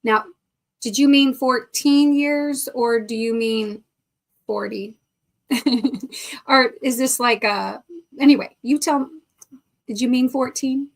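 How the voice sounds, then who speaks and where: A middle-aged woman talks through a live stream at an easy, unhurried pace, her voice sitting a little high. She greets viewers one by one and laughs often between comments, close to a desk mic. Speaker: livestream host. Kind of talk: casual chat reading live comments.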